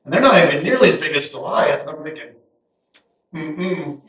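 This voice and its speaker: A middle-aged man preaches a guest sermon with a folksy, animated delivery, slipping into quick voices for Bible characters. His voice sits high for a man. It rings around a big echoey church hall, picked up from some distance away. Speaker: guest pastor. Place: church sanctuary.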